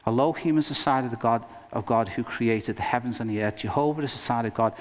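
A male pastor preaching a sermon in an earnest, emphatic way, with dramatic pauses. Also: mid-range voice. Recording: long reverb of a hall.

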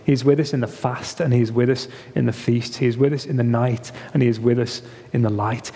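Man, preacher, sermon, animated storytelling, mellow, echoing hall. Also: medium pitch, brisk. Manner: animated storytelling, acts out voices of Jesus. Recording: long reverb of a hall.

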